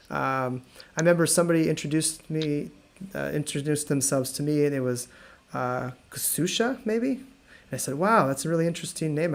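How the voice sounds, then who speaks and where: An American man teaching an online English lesson, repeating words slowly and joking with viewers. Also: a little high, vocal fry. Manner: slow careful repetition of words, friendly and joking.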